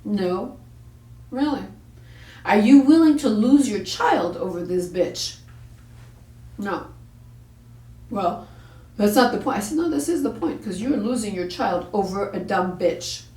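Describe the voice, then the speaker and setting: This parenting show host has a mellow, mid-range voice with lively intonation, speaking at a measured pace and pausing often. Recorded in an echoey room far from the mic, she tells a story bluntly, swearing and performing the quoted voices.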